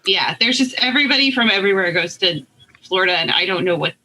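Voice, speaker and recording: A young woman talks in a relaxed podcast chat, with an Oklahoma accent that has an Ozark edge. Her voice sounds bright and clear, and she tells stories in a chatty way. Her pitch sits in an ordinary middle range. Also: fast talker, slight background noise, low-quality recording. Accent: Oklahoma and Ozark mix. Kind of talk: casual chat.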